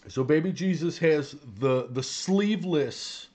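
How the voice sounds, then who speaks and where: A man's voice: fairly high pitch, unhurried, darkish tone. A man co-hosting a casual podcast, rambling and swearing with lots of laughter. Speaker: podcast co-host. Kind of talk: casual banter.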